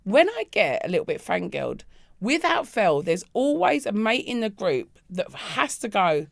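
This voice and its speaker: A woman's voice: medium pitch, moderate pace, creaky, dry recording, clean studio sound. A woman, chatting casually as a podcast co-host and comedian and acting out the people in her stories. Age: 40s. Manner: animated storytelling, acting out other people's voices. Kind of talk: casual chat.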